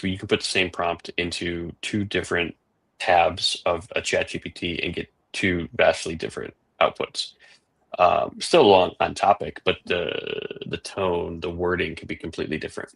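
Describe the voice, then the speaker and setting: A male podcast host with a very deep, gravelly voice and a husky edge. He talks casually and loosely, restarting phrases as he works his thought out. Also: a bit bright. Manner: rambling, repeats words while thinking.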